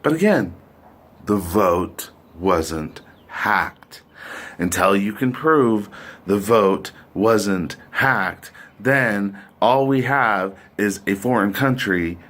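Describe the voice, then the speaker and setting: A man's voice: on the low side, animated, extremely slow, a bit bright. A middle-aged man hosting a podcast, delivering a profane, sardonic, rambling political rant. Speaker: podcast host. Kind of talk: ranting political monologue.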